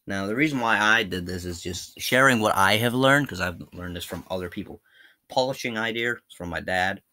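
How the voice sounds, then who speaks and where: A man's voice: lowish voice, fairly quick, bright, forceful tone, slight background noise. A man with a Scottish accent chatting informally while he shows a hands-on task, thinking aloud as he works. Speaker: how-to video host. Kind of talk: casual hands-on tutorial.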